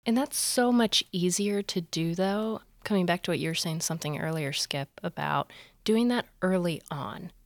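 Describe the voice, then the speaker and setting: A woman's voice: lowish voice, moderate pace, dry recording. A woman in a group discussion, making earnest points with personal examples. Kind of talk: conversational discussion.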